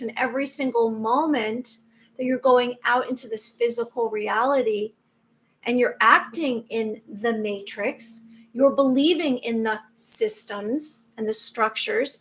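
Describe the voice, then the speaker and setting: Woman host, high pitch, earnest rambling live-stream talk with restarts. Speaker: spiritual livestream host.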